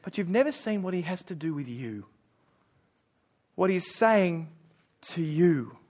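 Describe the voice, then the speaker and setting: Middle-aged man, high voice, chatty pastor giving a sermon. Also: sing-song, a little slow, a little mellow. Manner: conversational, self-deprecating humor. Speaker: preacher.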